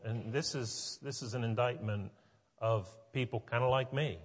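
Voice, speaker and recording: Husky-voiced preacher in an echoing hall. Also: male voice, medium pitch, steady tone, moderate pace. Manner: earnest, building to emphatic. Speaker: pastor. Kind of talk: sermon.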